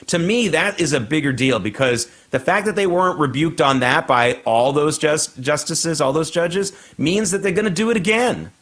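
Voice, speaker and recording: A man's voice: a little high, expressive, moderate pace, few pauses, a bit bright. Emphatic male morning show host. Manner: emphatic, indignant. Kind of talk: opinionated news commentary.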